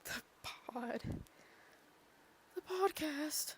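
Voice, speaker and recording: A woman's voice: sits high, animated, extremely slow, a little hiss or hum. A young woman chatting casually on her own podcast, rambling and gushing with many fillers, sometimes dropping to a whisper. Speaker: podcast vlogger. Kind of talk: casual chat.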